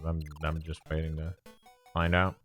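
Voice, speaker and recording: A man's voice: extremely low pitch, little pitch movement, normal speed, a bit bright. A man co-hosting a casual gaming stream, joking around, laughing often and reading chat messages aloud while he plays. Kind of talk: casual chat over gameplay. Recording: game music underneath.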